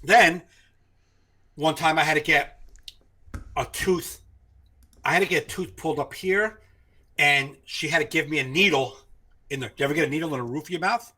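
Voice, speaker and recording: A man's voice: on the high side, moderate pace, long pauses. A man co-hosting a podcast, telling profane stories in casual chat. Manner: animated, profane storytelling. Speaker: podcast co-host.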